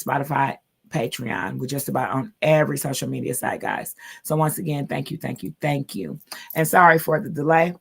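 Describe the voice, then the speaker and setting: Low gravelly woman hosting a podcast. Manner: chatty and informal, addresses listeners as family. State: out of breath. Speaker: podcast host. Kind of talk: casual podcast chat.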